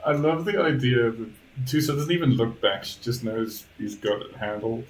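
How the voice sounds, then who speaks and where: A man narrating a tabletop game as game master, hesitant with many pauses and restarts. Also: medium pitch, echoey room, a crowd in the background, rough recording. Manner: hesitant, lots of ums and restarts.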